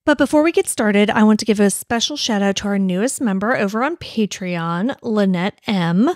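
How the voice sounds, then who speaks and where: A woman's voice: mid-range voice, moderate pace, no echo, studio quality. A woman hosting a true-crime podcast, talking casually with frequent apologies and laughs. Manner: chatty, apologetic, laughs often. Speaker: podcast host.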